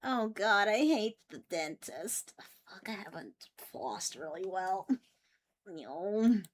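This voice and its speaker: A woman's voice: medium pitch, lively intonation, slow pace. A woman streamer reacting to a video in casual chat, squeamish and giggly. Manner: squeamish, easily startled, giggly.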